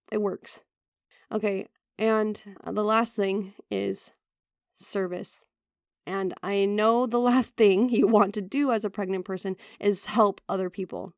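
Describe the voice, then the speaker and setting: A woman's voice: mid-range voice, fairly even intonation, unhurried, no room sound, clean studio sound. A woman hosting a podcast, talking in an earnest, encouraging and direct way. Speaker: podcast host. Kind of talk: motivational podcast talk.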